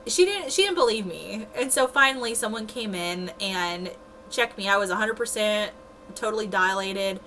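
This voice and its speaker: A woman's voice: mid-range voice, expressive, normal speed, pushed and bright, slight background noise, low-quality recording. A young woman casually telling her own birth story to a camera, chatty and filling her talk with "like" and laughter. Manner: chatty, laughs often, frequent "like" fillers.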